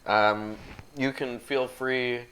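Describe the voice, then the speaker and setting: Deadpan joking male co-host. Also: medium pitch, takes it slowly, rough recording. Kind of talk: casual livestream chat.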